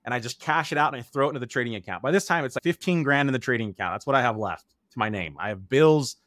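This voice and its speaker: A man's voice: medium pitch, racing, fairly bright tone, dry recording, clean studio sound. A man in his thirties, an interview guest, telling his own story in a candid, earnest way and acting out remembered quotes.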